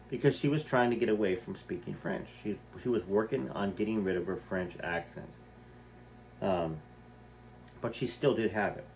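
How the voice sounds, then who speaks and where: A man's voice: lowish voice, lively intonation, normal speed, pauses often, a little mellow. Man reading aloud, chatty asides. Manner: conversational, poses questions to listeners. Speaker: book reader and commentator. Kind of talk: reading aloud with casual commentary.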